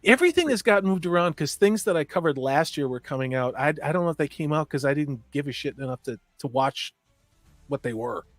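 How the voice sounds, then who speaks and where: A man's voice: on the high side, expressive, fairly quick, no room sound, faint music behind. A tired man co-hosting a late-night casual chat, rambling and cracking self-deprecating jokes. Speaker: podcast co-host.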